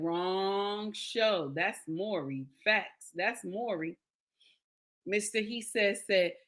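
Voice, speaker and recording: Slow, drawling woman reacting to clips. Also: mid-range voice, pushed and bright. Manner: drawling, emphatic, repeating lines for effect with hums of agreement. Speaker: reaction video host. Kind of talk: reaction commentary, reading viewer comments aloud.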